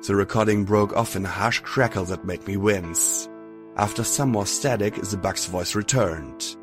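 A man narrating an audiobook in a steady first-person reading. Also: fairly low pitch, moderate pace, music in the background.

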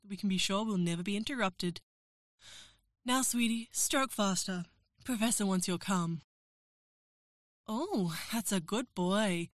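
A woman's voice: mid-range voice, a bit bright, no room sound, clean studio sound. A woman performing an erotic audio role-play as a professor, teasing, coaxing and giving orders.

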